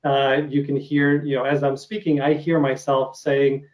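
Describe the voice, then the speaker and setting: A man's voice: mid-range voice, level tone, normal speed, darkish tone, rough recording. A man from Ukraine with a Ukrainian accent, Russian his first language, interviewing an actor in a hesitant, filler-heavy casual chat. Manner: hesitant, many filler sounds and restarts.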